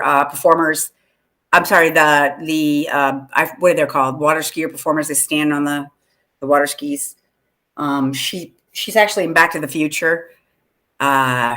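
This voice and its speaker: A woman's voice: fairly low pitch, sharp tone. A woman hosting a casual livestream, chatting in a rambling way with lots of fillers and restarts and talking back to viewers by name. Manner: talks back to chat by name. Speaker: host.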